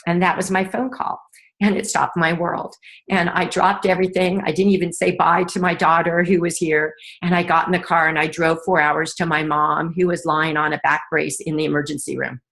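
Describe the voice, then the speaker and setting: Earnest middle-aged woman, low voice. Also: level tone, gravelly, fairly bright tone. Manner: earnest, heartfelt, with halting restarts. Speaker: guest, business leader. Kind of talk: personal story told in an interview.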